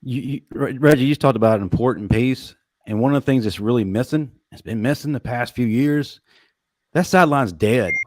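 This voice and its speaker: A man hosting a sports talk podcast, probing his guests with quick questions. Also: medium pitch, darkish tone, no echo. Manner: probing, asks rapid questions. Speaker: show host.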